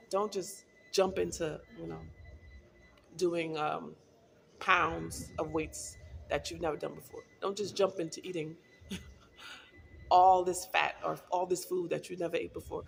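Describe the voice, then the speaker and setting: Middle-aged woman vlogger, gravelly low voice, casual storytelling delivery. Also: steady tone, measured pace, a little hiss or hum. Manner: chatty, storytelling, laughs often. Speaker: wellness vlogger. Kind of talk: casual talk to camera.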